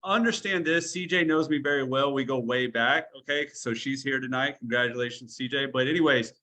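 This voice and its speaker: A man's voice: medium pitch, brisk, pushed and bright. A man giving a motivational training talk over a video call, blunt and talkative, with a tough-love coaching manner. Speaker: online business trainer.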